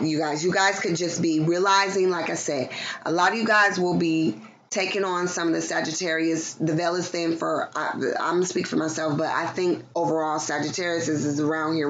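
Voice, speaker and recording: A woman's voice: sits low, steady tone, normal speed. A woman giving a casual, profane tarot reading to her viewers, playful and loose, at times breaking into song. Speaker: tarot reader. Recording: dull lo-fi sound with background noise.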